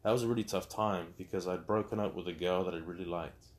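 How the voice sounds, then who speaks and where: A man's voice: deep voice, fast, a little hiss or hum. A young man speaking candidly as an interview guest, telling his story openly and acting out quotes with animation.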